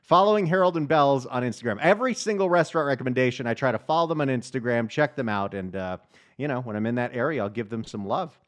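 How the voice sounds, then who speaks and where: A man's voice: medium pitch, fast. A middle-aged man hosting a call-in talk radio show, chatty and upbeat as he takes calls. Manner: upbeat, chatty, reads the phone number often. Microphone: studio microphone.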